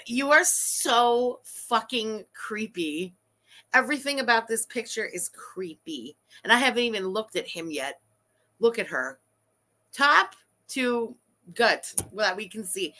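A woman's voice: a little high, big pitch swings, unhurried, pushed and bright. A woman streamer giving profane, mocking, sarcastic reaction commentary during a live stream.

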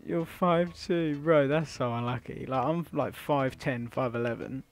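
A man's voice: mid-range voice, unhurried, soft background music. A young British man hosting gaming commentary. He is brash, swears a lot and trash-talks his online opponent. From Britain. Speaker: gaming YouTuber host.

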